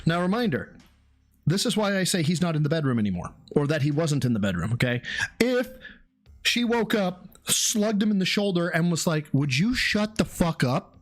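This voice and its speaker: A man's voice: a little high, sing-song, moderate pace. A man hosting a live stream who mocks the people in the clip, laughs a lot, swears freely and acts out impressions of them. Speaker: stream host reacting to a clip.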